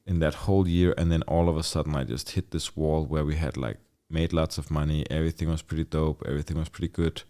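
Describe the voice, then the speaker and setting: A middle-aged man with a very low, deep voice talks as a podcast guest. He tells his story casually and candidly, dropping "like" constantly and swearing freely. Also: steady tone, quick pace, hardly any pauses, mellow. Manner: loose and candid, with lots of "like" and frequent swearing.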